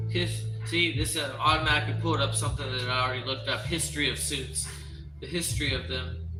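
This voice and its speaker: A man hosting a casual livestream with a bright, slightly high voice. He rambles, trips over restarts and reads search results aloud. He sounds roomy and a little away from the mic, with faint music behind. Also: recorded from a distance. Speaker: livestream host.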